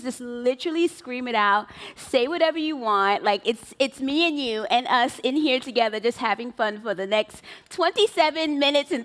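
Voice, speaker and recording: A woman's voice: sits high, a bit bright. A woman presenting her beauty brand on stage at a live event, gushing and giggly, talking to the crowd. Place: large event room with live audience.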